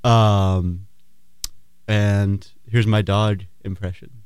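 A man's voice: on the low side, little pitch movement, very slow, a little mellow, clear, resonant tone, dry recording. A young man from Portland, Oregon, a college student, introducing himself in a dry, matter-of-fact way on an outdoor radio show. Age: young adult. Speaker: co-host. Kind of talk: casual chat. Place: outdoors on a campus quad.

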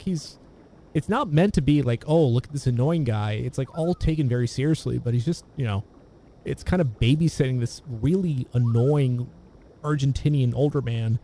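A man chatting casually about old films, meandering and halting, often restarting his sentences. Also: mid-range voice, dark tone. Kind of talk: casual film discussion.

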